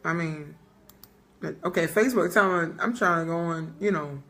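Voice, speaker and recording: Bright-voiced woman hosting a casual chat. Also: lowish voice, moderate pace. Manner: loose, joking, swears freely, laughs often. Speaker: podcast co-host. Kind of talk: casual live-stream chat.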